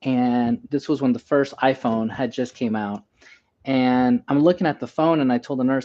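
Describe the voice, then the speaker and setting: A man's voice: medium pitch, brisk. A man, an emergency doctor, telling personal stories as a guest in a casual interview and acting out the dialogue. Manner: animated storyteller, acts out quoted dialogue. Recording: slightly dull lo-fi sound.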